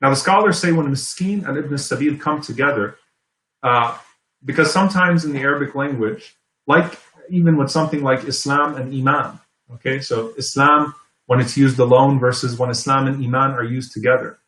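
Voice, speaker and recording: A man giving an Islamic sermon in a conversational, explanatory way, often checking in with "okay?" and "right?" and reciting Arabic verses quickly. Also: medium pitch, fairly even intonation, a bit bright, reverberant, rough recording. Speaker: Islamic preacher. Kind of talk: sermon lecture.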